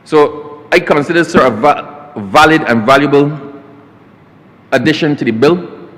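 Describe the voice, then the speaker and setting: A man's voice: a little high, unhurried, fairly bright tone. A Barbadian man, a government minister, giving a formal parliamentary speech that keeps addressing the chair as sir and slips into folksy stories. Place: parliament chamber. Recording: long reverb of a parliament chamber.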